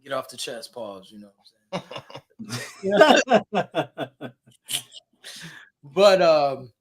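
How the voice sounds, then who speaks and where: A man's voice: fairly high pitch, very animated, very slow, slightly rough. A man co-hosting a podcast in casual chat, rambling with lots of fillers. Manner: rambling, hesitant, many fillers. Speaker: podcast co-host.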